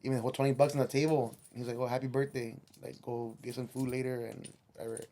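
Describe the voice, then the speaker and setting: A man's voice: medium pitch, flat delivery, quick pace, dark tone, a little hiss or hum. A man, a musician guest on a podcast, telling a rambling, profane story and slipping Spanish phrases into his English.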